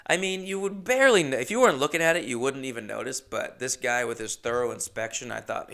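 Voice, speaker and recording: A man with a smooth, clear voice of middle pitch tells a comedic story on his podcast. He rambles, jumps up in pitch and loudness when he acts out the people in the story, and then drops back to an easy conversational tone. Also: quick pace, few pauses. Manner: rambling, animated retelling with voiced quotes. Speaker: podcast host.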